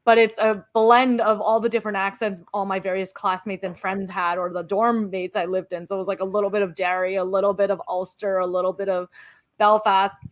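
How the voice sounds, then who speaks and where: A woman's voice: medium pitch, level tone, brisk. A woman in her thirties, a former actor and producer, talking candidly and animatedly in casual chat, swearing now and then.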